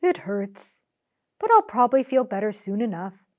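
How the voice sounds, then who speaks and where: A woman voicing a calm, matter-of-fact male animal friend with low, quiet, dry remarks in a storybook. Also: moderate pace, close to an everyday voice. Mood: wry.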